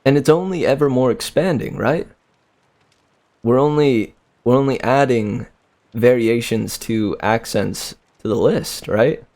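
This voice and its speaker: A man's voice: mid-range voice, a little slow, a little mellow. A man reading a book on a live stream, breaking off for casual chat with his viewers, musing aloud and chuckling often. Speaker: audiobook reader and streamer.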